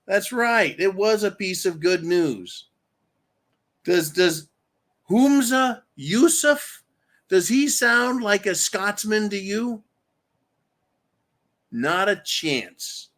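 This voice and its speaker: A man's voice: high-pitched, lively intonation, drawn-out words, pauses often, a bit bright. A man hosting a show, ranting angrily with profanity and reading out viewer comments. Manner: angry, profane, reads viewer comments aloud. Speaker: host.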